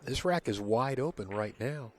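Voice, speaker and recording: A man giving low, calm play-by-play commentary on a pool match, recorded in a casino event hall. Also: moderate pace, slight background noise.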